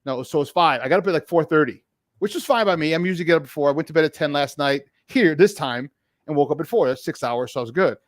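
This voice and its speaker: A man hosting a casual sports talk show, his voice sitting a touch high and sounding dry and close to the mic. He laughs easily and gets excitable and emphatic when he makes his case. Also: quick pace, no room sound. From Chicago area.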